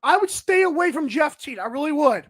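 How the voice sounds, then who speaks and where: Hosting a sports betting podcast, a woman with a high, expressive voice rambles casually and briskly through her picks. She often turns to address the players she's discussing directly.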